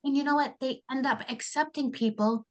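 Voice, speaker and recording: A woman in her fifties, a guest in a casual interview, who talks in an animated way, often restarts her sentences and laughs easily. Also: high voice, fairly quick, dull audio. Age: 50s. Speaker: guest, therapeutic riding founder.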